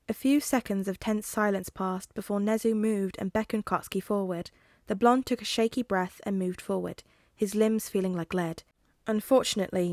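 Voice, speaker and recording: A woman's voice: medium pitch, dry recording. Woman reading fan fiction aloud, dry close sound. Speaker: podfic reader. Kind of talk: fan fiction audiobook narration.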